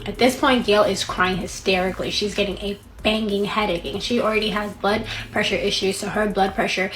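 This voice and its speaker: A woman's voice: medium pitch, a little fast, slight background noise. A woman chatting through a juicy storytime in a middle-range voice. She talks casually and gossips with feeling, jumping into the quoted lines with bursts of energy. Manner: animated, gossipy, acts out quotes. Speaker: storytime creator.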